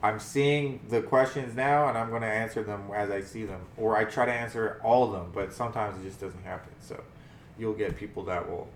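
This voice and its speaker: A man's voice: lowish voice, fairly quick, echoey room, a little hiss or hum. A man co-hosting a podcast in casual chat, hesitant and often restarting his sentences. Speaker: co-host.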